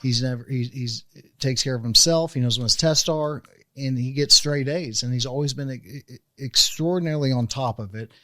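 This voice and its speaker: Middle-aged male podcast host, chatty storyteller who often restarts sentences, average pitch, close and dry. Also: normal speed, bright, forceful tone, no room sound. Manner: rambling with many restarts. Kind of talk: casual conversation, storytelling.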